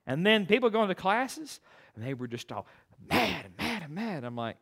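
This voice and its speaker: A man preaching from the pulpit in an unusually high voice that leaps around with animated, emphatic swings. His tone is bright and sharp, and he stumbles into quick restarts as he drives his points home. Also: gravelly, breathy edge. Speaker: pastor. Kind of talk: sermon.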